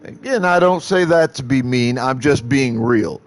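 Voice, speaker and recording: Casting: male streamer with a Southern American accent, unhurried and lively in pitch, blunt and rambling. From American Midwest. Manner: blunt, profane, rambling with restarts. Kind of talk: casual live-stream chat.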